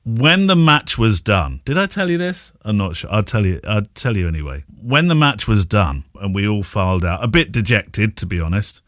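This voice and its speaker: A man with a lowish voice that swings widely in pitch as he tells stories. He is jokey and animated and laughs often during a casual podcast chat. The sound is dry and close. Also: moderate pace, hardly any pauses, no echo. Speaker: podcast co-host.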